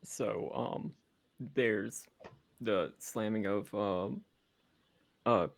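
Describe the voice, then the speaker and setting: A man playing a tabletop game who describes his character haltingly, with lots of fillers. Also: on the low side, vocal fry. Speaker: player.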